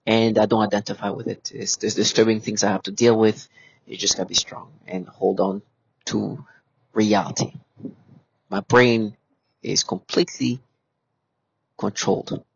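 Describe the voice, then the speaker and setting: A man's voice: on the low side, vocal fry, husky, no room sound. A man giving an agitated, repetitive monologue as a vlogger, his voice often climbing as he gets worked up. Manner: agitated, repetitive, voice rising when upset. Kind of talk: casual monologue to camera. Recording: dull lo-fi audio with faint noise.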